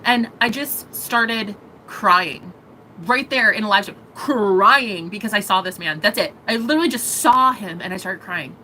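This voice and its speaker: A woman's voice: medium pitch, a little slow, pushed and bright, a little hiss or hum, low-quality recording. A woman vlogger telling a story in an emotional, rambling way, swearing freely. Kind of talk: storytelling vlog.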